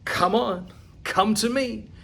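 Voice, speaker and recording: A man playing Jesus as a calm, patient adult male teacher who speaks slowly and deliberately, while retelling a Bible story. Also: high voice, vocal fry, slight background noise, voice pushed up, heavily acted. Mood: gentle.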